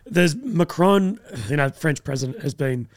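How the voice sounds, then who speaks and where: A young man with an Australian accent talks in a loose, rambling way, often trailing off before landing a dry, sardonic remark. His voice sits a little high and carries a gravelly fry, recorded close and dry with no room sound. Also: expressive, moderate pace, no room sound. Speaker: co-host. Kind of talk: casual chat.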